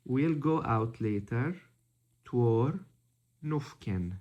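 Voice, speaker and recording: A man teaching a vocabulary lesson, slow and methodical, repeating each word. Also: medium pitch, animated, a little mellow. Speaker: language teacher.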